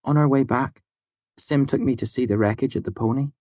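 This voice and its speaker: A man's voice: mid-range voice, brisk, a little mellow, dry recording, pitched above the performer's own voice, lightly acted. A man voicing an elegant young woman who speaks in a light, teasing, amused way.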